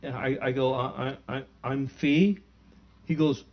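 A man delivering a sermon as a relaxed, conversational story, acting out the lines of everyone in it. His voice sits a little high for a man. The recording sounds somewhat muffled and lo-fi. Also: measured pace. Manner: conversational, animated retelling with quoted dialogue. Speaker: pastor.

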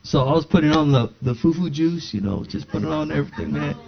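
A man preaching a sermon, telling a personal story with lively acted-out dialogue. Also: fairly high pitch, fast talker, vocal fry. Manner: animated, acts out dialogue in his stories. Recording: dull lo-fi recording.

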